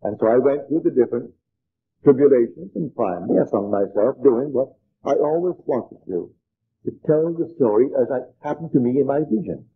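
An older man giving an earnest spiritual lecture, telling stories in a measured way, on an old archival tape. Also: mid-range voice, lively intonation, phone-quality sound, a little hiss or hum.

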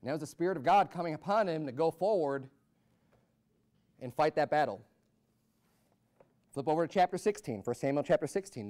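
An American man preaching a sermon as pastor, swinging from loud, rising peaks to low asides. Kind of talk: fiery Baptist sermon.

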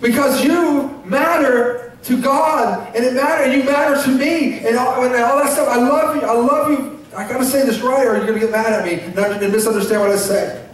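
A man preaching a sermon as pastor, earnest and emotional, with bursts of shouting and laughter. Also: extremely high pitch, normal speed. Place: church sanctuary. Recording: echoey church recorded from far off.

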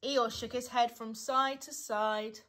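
A woman, a primary school teacher, reading a children's storybook aloud in a gentle, unhurried way. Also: on the high side, steady tone.

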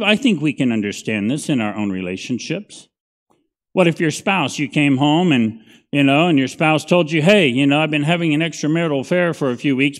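A middle-aged man, a pastor teaching a Bible study in a conversational, folksy way, often checking in with "right?". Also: on the high side.

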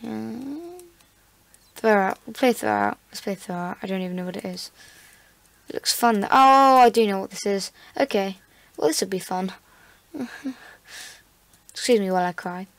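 A woman's voice: mid-range voice, normal speed, creaky, long pauses. A woman giving casual, playful gameplay commentary, chatty and self-mocking as she plays. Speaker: gamer. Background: faint background music.

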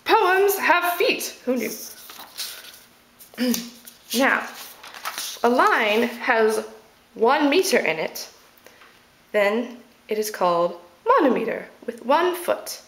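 A woman teaching how to scan poems, slow and deliberate, with playful asides as she sounds out each stress. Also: on the high side, very animated, creaky, fairly bright tone, roomy sound, slight background noise. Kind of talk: explaining poetry scansion.

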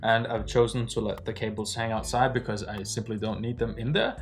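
A man with a lowish voice talks fairly quickly as he hosts a casual vlog reviewing filming gear, joking and explaining. He's outdoors on a windy day, recorded with a lavalier mic plugged into a phone.

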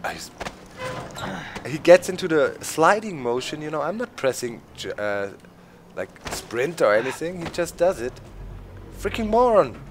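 A man's voice: fairly high pitch, big pitch swings, measured pace, pauses often, a little hiss or hum. Frustrated man ranting over gameplay. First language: German. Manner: swearing, frustrated outbursts at the game. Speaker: gaming video host. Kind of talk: live gameplay commentary.

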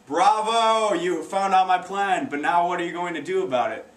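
A man's voice: high-pitched, moderate pace, lightly acted. A teenage boy voicing a smug male evil genius villain in a grand, gloating tone. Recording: roomy, distant, faint noise.

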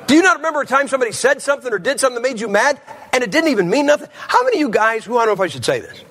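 A man's voice: very high voice, very animated, very fast, a bit bright. A man preaching a humorous sermon at a church service, telling stories in a blunt, joking way.

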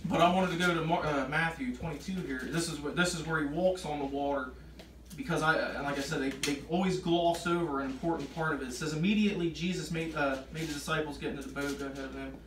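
At an informal Bible study, a fast-talking man with a little high, fairly bright voice reads scripture and becomes emphatic while explaining it, his intonation fairly even. He's recorded from a distance in an echoey room with faint noise.

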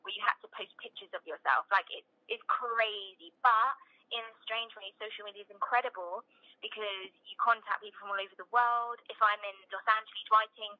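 A woman's voice: mid-range voice, steady tone, fairly quick. Bubbly young London woman, lo-fi radio. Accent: London English. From England. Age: 20s. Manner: bubbly, chatty, laughs often, slangy. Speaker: singer guest. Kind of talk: casual interview chat. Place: radio studio.

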